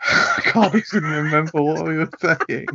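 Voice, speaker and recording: A man's voice: a little high, normal speed, gravelly, pushed and bright. A man co-hosting a podcast, making dry, teasing remarks in casual banter. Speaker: podcast co-host. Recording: dull lo-fi audio.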